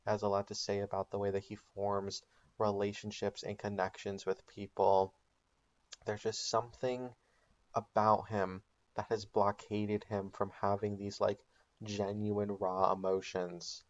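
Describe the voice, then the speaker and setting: A man's voice: fairly low pitch, level tone, a little slow, muffled recording. A man telling a comedic made-up recap of a TV show in a casual storytelling way with ums and likes. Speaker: channel host.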